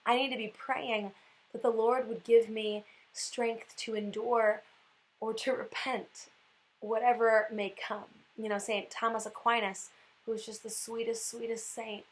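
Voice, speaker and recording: A woman giving a casual spiritual reflection on her vlog, animated and chatty, with lots of "like" fillers. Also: a little high, measured pace, poor audio. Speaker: Catholic speaker and vlogger.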